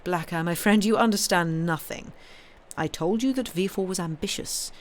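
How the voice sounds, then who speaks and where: A woman's voice: lowish voice, normal speed, slight background noise, close to an everyday voice. A woman reading as a wry, commanding old king. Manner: imperious, teasing.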